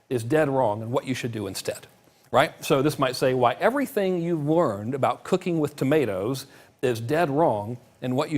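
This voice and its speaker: A middle-aged man teaching a marketing course in a casual, joking way, with plenty of emphasis. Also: mid-range voice. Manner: joking, lively, talks with emphasis.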